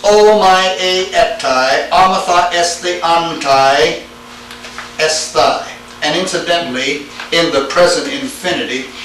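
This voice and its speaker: Slow-talking man lecturing in an echoey classroom. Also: fairly high pitch, a bit bright. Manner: slow, deliberate, asks the class questions. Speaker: Greek teacher. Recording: echoey room, speaker far from mic, faint hiss.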